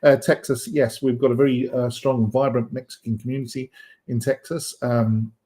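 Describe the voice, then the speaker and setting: A man's voice: mid-range voice, level tone, normal speed, warm tone. A man hosting a live stream in a casual, rambling way, full of fillers and restarts, joking and greeting viewers by name. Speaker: livestream host.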